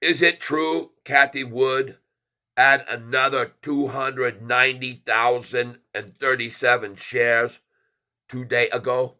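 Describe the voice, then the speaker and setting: A man hamming up a teasing character with a put-on foreign accent, talking in broken English with a bright, forceful edge. He jokes and lectures in short, clipped phrases. The audio is dull and lo-fi. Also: medium pitch, fairly even intonation, very slow, long pauses. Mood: emphatic. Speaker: stock channel host.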